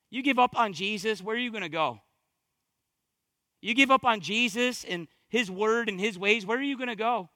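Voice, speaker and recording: A male pastor preaching a sermon with fervor, repeating phrases for emphasis and swinging between loud exhortation and hushed intensity. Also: sits high, dry recording, studio quality.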